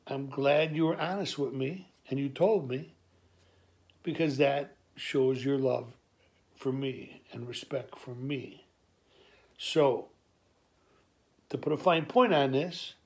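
Gravelly man rambling a comic story. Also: medium pitch, darkish tone. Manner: rambling storyteller, halting restarts, folksy slang. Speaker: improv monologuist. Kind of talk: improvised comedic monologue.

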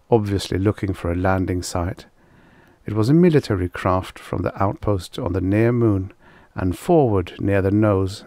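A man narrating a vintage science fiction short story in a steady, measured way. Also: lowish voice, no room sound. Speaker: audiobook narrator. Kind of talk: vintage sci-fi audiobook narration.

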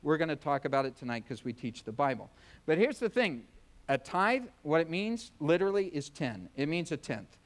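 A male pastor delivers a sermon in a church, with a fairly high voice. He talks in a folksy, joking way and acts out quick voices. The tone stays conversational as he teaches. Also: very animated.

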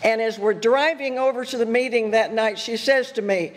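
An older woman giving a guest sermon, telling personal stories in an animated way, laughing and acting out her own thoughts. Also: fairly high pitch, moderate pace. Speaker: guest speaker at church. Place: church sanctuary. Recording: echoey church hall with faint noise.

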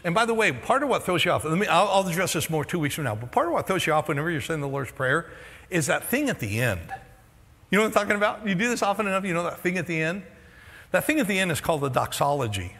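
A middle-aged man preaching a sermon as pastor, animated and joking, his voice going hoarse. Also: on the high side, fast, big-room sound. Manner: animated, joking, acts out quoted reactions. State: losing his voice. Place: church auditorium.

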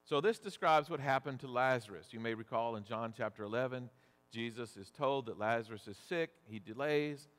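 A man preaching a sermon as pastor, deliberate and measured, asking rhetorical questions. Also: medium pitch, a bit bright. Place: church sanctuary. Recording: long church reverb.

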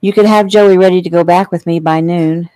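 Lady reading a tired dad, low and mellow, gentle and teasing. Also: fairly even intonation, brisk, dry recording, studio quality, close to an everyday voice. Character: weary kind middle-aged father.

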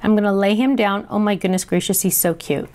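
A middle-aged woman hosting a craft tutorial, chatty and excitable, talking to herself as she works. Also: mid-range voice, a little fast. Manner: chatty and excitable, talks to herself while working. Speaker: crafting show host.

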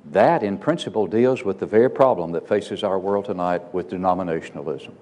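A man's voice: fairly low pitch, a little mellow, in a large hall. Man preaching a sermon. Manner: emphatic, rhetorical questions, slows down to stress key words. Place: church auditorium.

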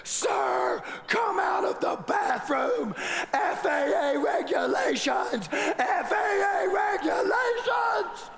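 A man acting out a panicked male flight attendant who shouts in alarm. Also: very high-pitched, sing-song, slow, vocal fry, a crowd in the background, voice pushed up, exaggerated voice. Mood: panicked shouting. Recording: long hall reverb, faint noise.

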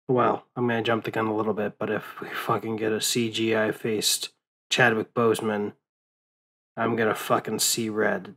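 A tired man talking late at night in a casual rambling monologue, swearing often and pausing with fillers as he mourns. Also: fairly low pitch, bright, forceful tone, poor audio. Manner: profane, grieving, rambling with many fillers. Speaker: movie vlogger.

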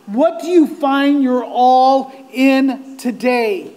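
A male pastor preaching a sermon, earnest and direct with his listeners, growing impassioned and nearly shouting at the peaks. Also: very high-pitched, takes it slowly, few pauses. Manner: impassioned, rising to near-shouts on quoted cries.

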